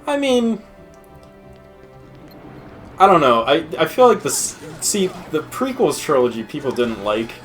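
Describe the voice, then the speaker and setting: A man's voice: a little high, very animated, a little slow, long pauses, a bit bright, soft background music. A young man co-hosting a let's play, rambling and laughing often, with casual swearing. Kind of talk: casual gaming commentary.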